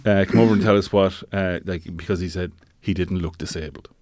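A man's voice: low-pitched, steady tone, fairly quick, darkish tone, dry recording. A man co-hosting a casual chat show, talking conversationally with wry asides and plenty of fillers. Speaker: podcast co-host.

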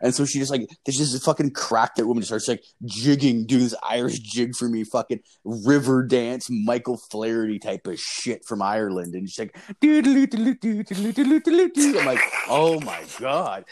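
A man's voice: medium pitch, fairly even intonation, normal speed, few pauses, darkish tone. A man in casual chat, telling a rambling, profane story with lots of fillers and swearing.

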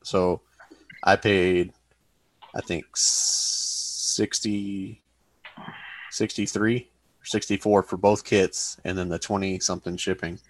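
A man's voice: sits low, flat delivery, takes it slowly, pauses often. A man chatting casually about building model kits, easygoing and rambling. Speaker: model kit hobbyist on a group chat show. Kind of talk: casual chat.

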